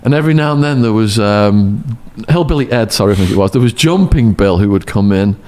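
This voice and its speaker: A man's voice: fairly low pitch, fairly quick. A man animatedly telling a story as a podcast guest, laughing often. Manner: animated storyteller, lots of laughing and acted quotes. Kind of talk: casual storytelling.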